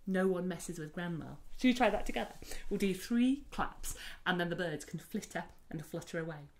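A woman telling a story to toddlers, animated and sing-song, clapping and singing along. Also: lowish voice, moderate pace. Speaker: children's storyteller. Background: soft cello.

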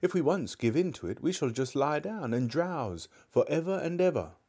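A man's voice: fairly high pitch, sing-song, moderate pace, darkish tone, slightly rough, voice pushed up, exaggerated voice. A man reading a storybook aloud, voicing a dreamy but bossy young girl in a raised voice. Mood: urging. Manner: dreamy then insistent.

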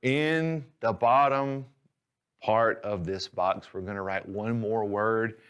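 A man teaching a language lesson, explaining patiently and clearly, step by step. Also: fairly low pitch, slow pace, fairly bright tone, highs cut off. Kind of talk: instructional lesson.

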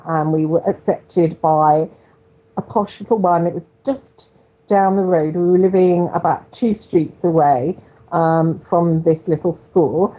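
Middle-aged English woman, radio host, lowish voice, rambling and hesitant with many ums, dull lo-fi recording. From West London. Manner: rambling and hesitant, frequent ums, self-deprecating. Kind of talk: casual monologue. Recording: dull lo-fi internet radio sound.

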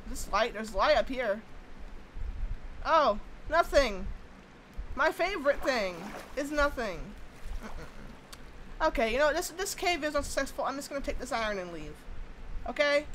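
High, lively young woman gaming. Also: a little slow, pauses often, slight background noise, poor audio. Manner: chatty, exclaims at the game, swears when annoyed. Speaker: gaming YouTuber. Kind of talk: casual let's-play commentary.

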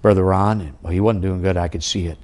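A middle-aged man preaching a sermon as an evangelist, telling a personal story with wide swings in pitch and loudness. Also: fairly even intonation, fast talker.

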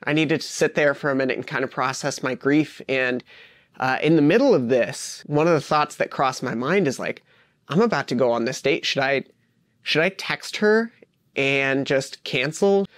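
A young male teacher telling an animated, self-deprecating story. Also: medium pitch, normal speed, no echo. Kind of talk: casual anecdote.

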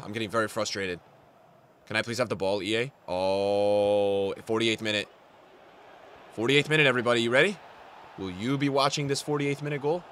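A man's voice: lowish voice, normal speed, a little hiss or hum. Frustrated young man streaming a game. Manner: swings from flat grumbling to loud outbursts, swears a lot. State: sore throat. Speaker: gaming streamer. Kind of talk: live gameplay commentary.

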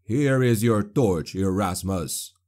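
Male narrator as a grim witch hunter, deep, growled, clipped, stern. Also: moderate pace, a little mellow, close to an everyday voice. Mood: cold.

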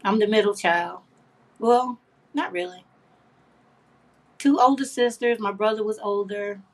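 A woman's voice: medium pitch, measured pace. A woman hosting a craft livestream, chatting casually and affectionately with viewers, reading their comments aloud and laughing often.

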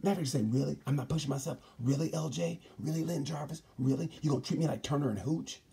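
A man's voice: fairly high pitch, fast talker, creaky, warm tone, slightly rough, voice pushed up, exaggerated voice. A man impersonating an indignant young male motorcycle racer who complains sarcastically and repeats himself. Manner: exasperated, sarcastic, repeating "really".

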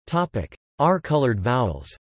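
A synthetic male text-to-speech voice reading an encyclopedia article in an even, machine-like way. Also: mid-range voice, slow pace, no room sound. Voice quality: flat, machine-like delivery with odd pronunciations.

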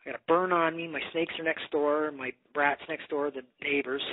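Man, husky voice, rambling, phone line sound. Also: on the high side, steady tone, normal speed, no echo. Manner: rambling storyteller, swears. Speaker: bow maker. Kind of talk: casual phone conversation.

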